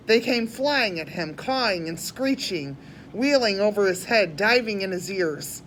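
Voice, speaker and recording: A woman reading a storybook aloud chapter by chapter, plain and unhurried with small slips and restarts. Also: lowish voice, slight background noise. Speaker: reader.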